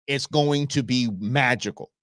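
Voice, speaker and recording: A man's voice: medium pitch, a little slow, fairly bright tone, dry recording, studio quality. A man hosting a live show, telling rambling stories and answering chat with frequent restarts and asides. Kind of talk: casual rambling live-stream commentary.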